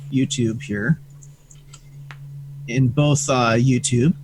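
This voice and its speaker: A man co-hosting a casual gaming livestream, giving relaxed, friendly shout-outs to the community. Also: medium pitch, extremely slow, noisy background. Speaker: co-host.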